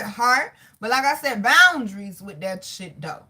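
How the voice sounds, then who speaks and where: Bright-voiced woman reading tarot live. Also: medium pitch, moderate pace, hardly any pauses. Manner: slangy, swears freely, greets chat by name; talks to God out loud between points. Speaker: tarot reader.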